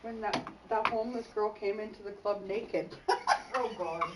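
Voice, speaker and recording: A woman's voice: mid-range voice, normal speed, heavy background noise. A woman in casual chat who chimes in with short, laughing, reminiscing asides.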